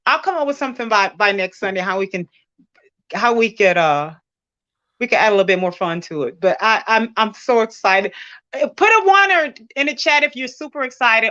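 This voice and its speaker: A woman hosting a casual live online chat, giggly and emotional, quick to tear up. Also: a little high, expressive, pushed and bright, no echo, dull audio. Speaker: host of an online community stream.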